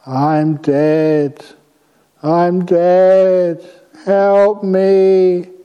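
A man's voice: sits high, level tone, clean tone, dull audio, pitched above the performer's own voice. A man voicing a pleading young woman's ghost. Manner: retold in a slow storytelling voice.

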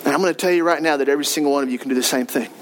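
A male pastor preaching a sermon, talking fast and emphatically and building to shouts. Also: on the high side, slight background noise.

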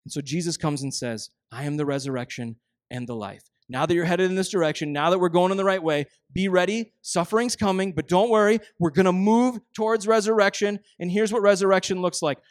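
A man preaching a sermon as pastor, emphatic, often dropping into slow, quiet intensity for key phrases. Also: high voice, no room sound, clean studio sound.

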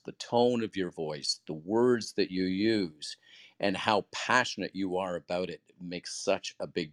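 A man hosting a live audio chat room, effusive and quick to praise and laugh. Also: sits low, fairly bright tone, no room sound. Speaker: room host.

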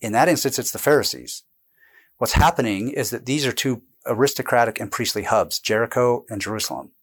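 Man, interview guest, animated, digressive, casual explaining, average pitch, indoors near a camera. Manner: animated, digressive, quick bursts with restarts. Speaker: author and guest explaining his book.

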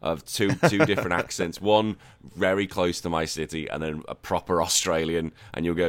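A man's voice: sits low, little pitch movement, normal speed, clear, resonant tone. A man with a Liverpool accent and a sore throat, hosting a casual podcast chat, swearing freely and joking bluntly. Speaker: podcast host.

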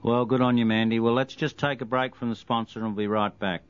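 A man's voice: medium pitch, fairly even intonation, fast talker. An Australian man hosting a radio interview, asking questions with hesitant fillers. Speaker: radio host. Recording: dull lo-fi radio broadcast.

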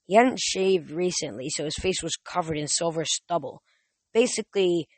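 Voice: mid-range voice, darkish tone, dry recording. An audiobook reader narrating a first-person novel in a plain reading with small slips.

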